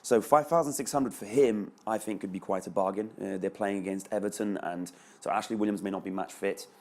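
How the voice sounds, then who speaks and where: A man's voice: lowish voice, fairly even intonation, a little fast. A man, a panelist chatting analytically on a sports show. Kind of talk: panel discussion.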